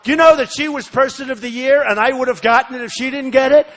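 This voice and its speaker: A man's voice: very high voice, fast, a bit bright. A man in his sixties giving a campaign rally speech, repeating phrases for emphasis and talking to the crowd in asides. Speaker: political candidate. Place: large rally venue.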